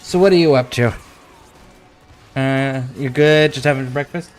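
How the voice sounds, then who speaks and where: Brief: male game streamer, mid-pitched, swears freely and rants with a joking edge. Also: a little slow, soft background music. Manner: profane, ranting, jokey. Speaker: livestream gamer. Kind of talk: casual gaming livestream chat.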